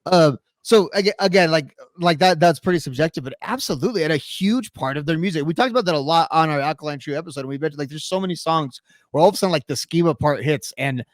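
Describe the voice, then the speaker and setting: Male co-host, quick hedging chatter, dry close sound. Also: a little high, no room sound. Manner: rapid, hedging talker with many restarts and you know. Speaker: podcast co-host. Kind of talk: casual chat. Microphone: remote call mic.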